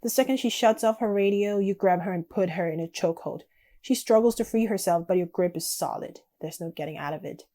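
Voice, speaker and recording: A woman streaming a text game, reading the story aloud evenly with quiet, casual asides. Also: medium pitch, fairly quick.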